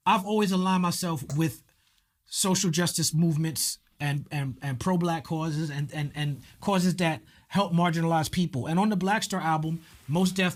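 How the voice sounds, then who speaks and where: A man with a high voice hosts an interview. He speaks earnestly and deliberately, with pauses and fillers as he gathers his thoughts. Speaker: host. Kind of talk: interview conversation.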